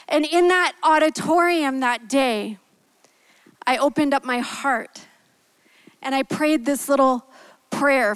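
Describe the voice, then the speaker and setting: A woman preaching a sermon in a candid, gentle way, telling a personal story. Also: high voice, no room sound, poor audio. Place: church.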